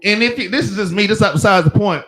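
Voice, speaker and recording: A man with a Southern US accent leads a religious class in an easy, slangy way, drifting into work stories. His voice sits high for a man. He laughs along as he talks. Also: fast, fairly bright tone. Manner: loose storytelling with slang and laughs. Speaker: class leader. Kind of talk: casual teaching chat.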